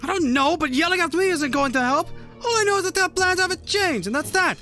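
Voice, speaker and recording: A man voicing agitated harbor guild workers in a video game, arguing loudly and in exasperation. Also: very high voice, animated, a little fast, faint music behind, voice pushed up, exaggerated voice. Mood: exasperated.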